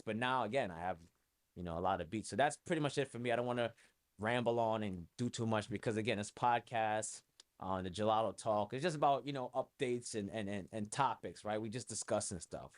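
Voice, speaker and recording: A man from New York with a New York accent, hosting his own podcast in a loose, rambling, profane way with lots of fillers. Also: fairly low pitch. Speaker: podcast host and music producer. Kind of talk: casual solo podcast talk.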